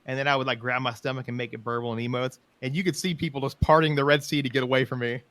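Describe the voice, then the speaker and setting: A man's voice: mid-range voice, rapid-fire, dry recording. Man telling game stories, dry mic. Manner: animated, laughing, acts out quotes. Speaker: podcast host. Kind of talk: casual storytelling chat.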